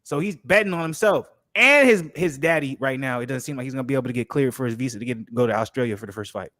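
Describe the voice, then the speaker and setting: A man co-hosting a casual podcast chat, explaining things in a rapid, emphatic way. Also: medium pitch, sharp tone, no room sound. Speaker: podcast co-host.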